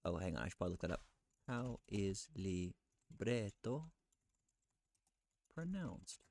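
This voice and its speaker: A man thinking aloud as he looks things up, questioning himself and reading search results aloud in a halting, muttering way. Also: low voice, big pitch swings, vocal fry, a little mellow, no room sound. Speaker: streamer researching live.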